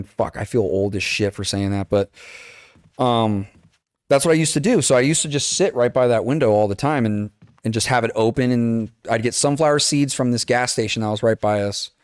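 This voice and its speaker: Swearing freely, a young man co-hosting a podcast animatedly retells a childhood story, voicing the quoted dialogue himself. He speaks fairly quickly at a medium pitch, with a clean tone in a dry, studio-quality recording.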